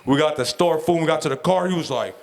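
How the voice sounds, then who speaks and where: A man co-hosting a podcast, telling a story in loose, slangy casual chat and dropping into a lower voice for asides. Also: quick pace. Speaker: podcast co-host.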